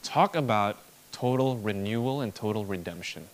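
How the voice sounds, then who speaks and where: Lively, emphatic male preacher. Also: lowish voice, normal speed. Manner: emphatic, repetitive rhetorical build-ups. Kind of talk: expository sermon.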